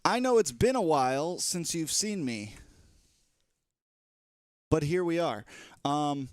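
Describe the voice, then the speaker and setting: A young man, an esports shoutcaster, chatting loosely and playfully as he opens a casual livestream. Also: a little high, animated, takes it slowly, no echo, studio quality.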